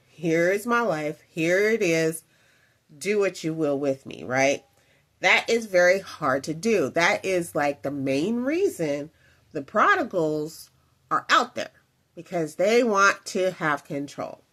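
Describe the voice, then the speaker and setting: A woman's voice: on the low side, lively intonation, a little slow, fairly bright tone. A woman hosting and commenting on a clip of faith teaching, talking reflectively with many fillers and asides.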